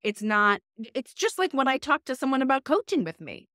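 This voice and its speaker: A woman's voice: high voice, big pitch swings, brisk, a bit bright, dry recording, studio quality. A woman life coach giving direct, emphatic dating advice in a podcast interview, often repeating key phrases for emphasis. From United States. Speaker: life coach and relationship expert guest.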